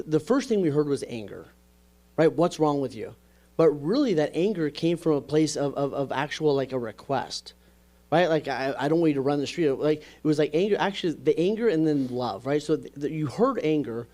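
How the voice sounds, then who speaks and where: An energetic man talking on a podcast, explaining ideas with frequent "right?" checks. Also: fairly high pitch. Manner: energetic, repeats "right?" often. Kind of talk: podcast conversation.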